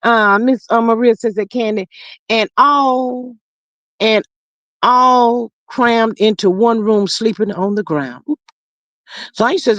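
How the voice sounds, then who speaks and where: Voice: mid-range voice, a little slow, no echo. A live stream host reading viewer comments aloud in casual, sassy chat full of endearments. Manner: animated, sassy, drawling endearments. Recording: dull lo-fi dry audio.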